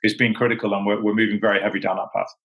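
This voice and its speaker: A man's voice: fairly low pitch, little pitch movement, racing, fairly bright tone, low-quality recording. A British man speaking as a sales executive guest in a casual chat, emphatic and full of "you know" fillers. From United Kingdom.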